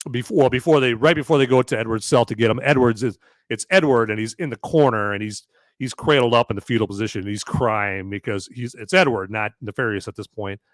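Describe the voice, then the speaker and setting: Man, podcast host, rambling live recap, middle pitch, dry close mic. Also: no echo. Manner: rambling, filler-heavy, keeps asking "okay?". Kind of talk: casual live-stream recap.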